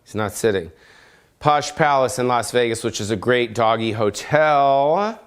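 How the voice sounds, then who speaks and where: A man's voice: mid-range voice, animated, a little slow, clean tone. A man hosting his own podcast, rambling profanely and jokingly in an unplanned rant at home. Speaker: comedian podcast host. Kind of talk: casual unscripted rant.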